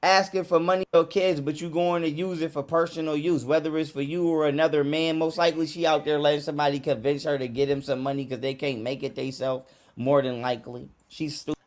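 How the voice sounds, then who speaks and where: A man vents about his situation as a father in a recorded monologue. He is aggrieved and repetitive and keeps asking rhetorical questions. His voice sits a little high. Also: flat delivery, fairly quick, hardly any pauses. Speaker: father venting in a video. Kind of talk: venting monologue.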